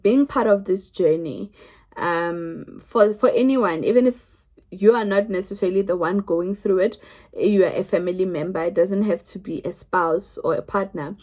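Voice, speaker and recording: A woman's voice: medium pitch, moderate pace, mellow. A young South African woman telling her own story to the camera in a chatty way, often restarting her sentences. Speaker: vlogger.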